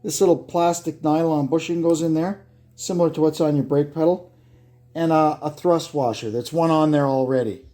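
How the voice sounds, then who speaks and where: A man's voice: on the high side, steady tone, warm tone. A man casually explaining a brake lathe repair step by step as he works in his garage, thinking aloud with fillers, recorded on a phone nearby. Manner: thinks aloud, halting with fillers while working. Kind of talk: casual workshop how-to narration. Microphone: phone camera propped nearby.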